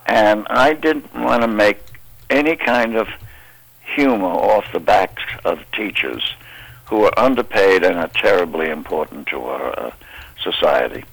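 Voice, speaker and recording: An older man, an actor being interviewed, telling stories in a halting, meandering way. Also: on the low side, animated, gravelly, fairly bright tone, poor audio. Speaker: actor guest. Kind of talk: interview storytelling.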